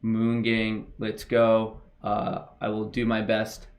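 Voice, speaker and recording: Excitable young man hosting a livestream. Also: fairly low pitch, slow pace. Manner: excitable, gushing, talks to chat directly. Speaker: livestream host. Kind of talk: casual livestream chat.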